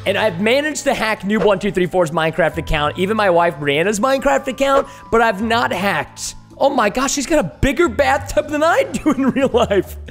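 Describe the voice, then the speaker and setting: A man hosting a gaming video, excitable and jokey, laughing often as he comments on the game. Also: sits high, moderate pace, hardly any pauses, soft background music. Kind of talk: let's play commentary.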